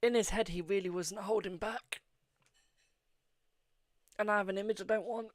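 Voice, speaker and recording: A man's voice: sits high, steady tone, moderate pace, no room sound. Giggling man doing a tarot reading. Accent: British. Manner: giggling helplessly, breaking into laughter mid-sentence. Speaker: tarot reader. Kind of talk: live-stream card reading.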